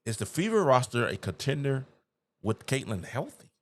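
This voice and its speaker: A man's voice: medium pitch, big pitch swings, normal speed, a bit bright. A man hosting a basketball show, talking casually and animatedly and laughing at his own jokes. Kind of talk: casual sports commentary.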